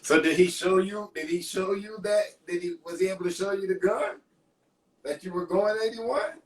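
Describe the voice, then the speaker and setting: A man's voice: high-pitched, moderate pace, far from the mic, a little hiss or hum. A man hosting a podcast, chiming in with short replies and questions, laughing along. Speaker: podcast host. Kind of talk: casual interview. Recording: echoey room, off-mic.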